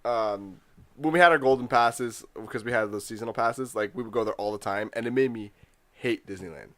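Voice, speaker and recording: A man's voice: mid-range voice, fairly quick, no echo. Young man telling rambling stories. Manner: rambling anecdotes, frequent laughter. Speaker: podcast co-host. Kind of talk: casual chat.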